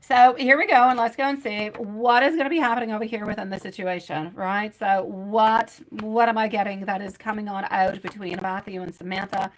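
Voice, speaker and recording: A woman's voice: mid-range voice, steady tone, brisk, few pauses, a little hiss or hum, poor audio. A woman giving live tarot readings to viewers, chatty and affectionate, calling them sweetie and my love. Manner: chatty, reads out viewer names and questions. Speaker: tarot reader.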